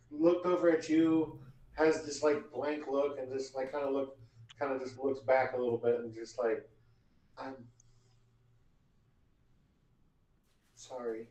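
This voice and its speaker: A man's voice: on the high side, steady tone, unhurried, recorded from a distance. A man narrating as game master in a live tabletop game, in a loose, filler-heavy way. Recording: roomy, from off the mic.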